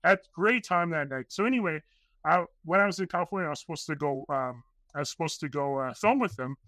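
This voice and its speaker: An excitable man rambles through one story after another on a podcast, slipping into the voices of the people he quotes. His voice sits a little high with a bright, forceful edge, and the sound is dry and close. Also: quick pace, no echo. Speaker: podcast guest, documentary filmmaker. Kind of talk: casual interview storytelling.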